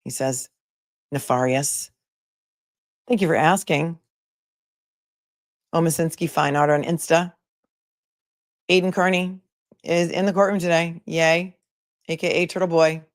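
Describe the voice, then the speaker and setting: A woman's voice: fairly low pitch, fairly even intonation, a little slow, long pauses, no echo, clean studio sound. A woman attorney hosting a live commentary stream, chatting casually and sarcastically while reading viewer comments aloud.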